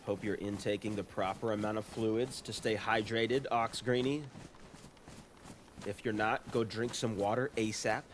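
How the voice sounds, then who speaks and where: A man's voice: on the low side, steady tone, a little slow, a little hiss or hum. A man chatting casually on a live game stream, playful, laughing often and greeting viewers in chat. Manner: laughs often, playful, trying silly voices.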